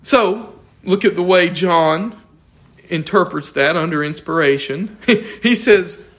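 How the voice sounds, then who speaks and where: A man teaching an informal Bible study, lively and questioning, often chuckling as he explains the text. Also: sits high, takes it slowly.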